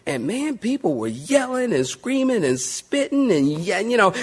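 A pastor preaching a sermon in a folksy, animated way, calling on the congregation to answer back. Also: male voice, high voice, normal speed, few pauses, breathy edge.

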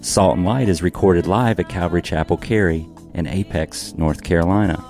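A man introduces a religious radio program in a smooth, scripted announcer style. His voice is very low and warm. Soft guitar plays under him. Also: moderate pace. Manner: smooth, steady announcer delivery.

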